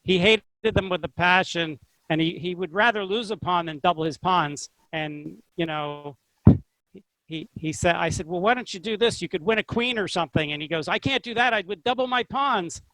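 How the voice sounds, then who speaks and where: Older guy, pretty high voice, chatty and animated, super dry close sound with no room to it. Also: moderate pace, dry recording, poor audio. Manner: talkative and expressive, not monotone. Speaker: chess instructor, interview guest. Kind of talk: casual interview chat.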